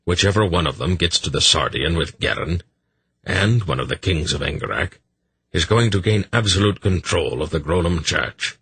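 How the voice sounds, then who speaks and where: A man's voice: deep voice, lively intonation, moderate pace, fairly bright tone, husky, no room sound, exaggerated voice. A man doing a wry old sorcerer. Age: older.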